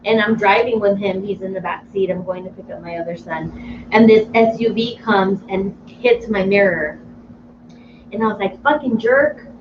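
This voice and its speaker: A woman's voice: medium pitch, moderate pace. A woman in her thirties co-hosting a radio chat show, telling family stories with laughs and casual swearing. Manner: laughing storyteller, swears freely. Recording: muffled distant mic with faint hiss.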